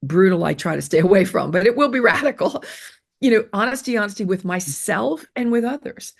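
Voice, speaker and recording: A woman's voice: mid-range voice, lively intonation, brisk, gravelly. A middle-aged woman giving earnest self-esteem advice in an interview, emphatic and repetitive, with fillers and restarts. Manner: emphatic, repeats phrases, many fillers and restarts.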